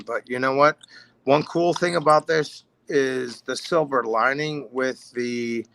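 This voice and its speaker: Gravelly-voiced man in his late forties, a podcast guest telling stories with loose, salty talk. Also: medium pitch, sharp tone. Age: 40s. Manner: laid-back, profane, says "man" a lot. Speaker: podcast guest, bass player. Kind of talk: casual chat storytelling.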